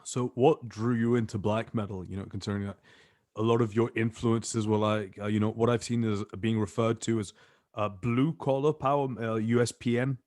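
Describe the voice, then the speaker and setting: A man's voice: on the low side, fairly even intonation, normal speed, a little mellow, dry recording, studio quality. A man hosting a podcast, asking an interview question hesitantly with fillers. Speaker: podcast host.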